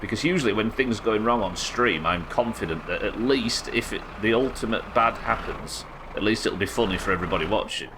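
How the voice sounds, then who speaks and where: Low-voiced man chatting on a live game stream. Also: a little fast, hardly any pauses, noisy background. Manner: casual, chatty, swears, answers viewers. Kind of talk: live gaming stream chat.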